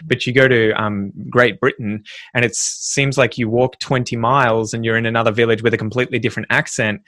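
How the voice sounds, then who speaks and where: A man hosting a casual interview chat, asking curious, animated questions and laughing easily. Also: medium pitch, brisk, no room sound. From Australia.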